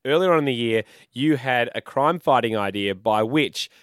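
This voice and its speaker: A man's voice: medium pitch, expressive, normal speed, dry recording. Brief: Australian male radio host, laughing banter, dry close mic. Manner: laughing, joking. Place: radio studio.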